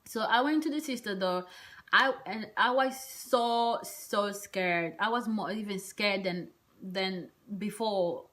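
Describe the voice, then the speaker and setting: A woman vlogger telling a personal story in a casual, rambling way, full of hesitant fillers and soft whispered asides. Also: mid-range voice, takes it slowly, a little hiss or hum.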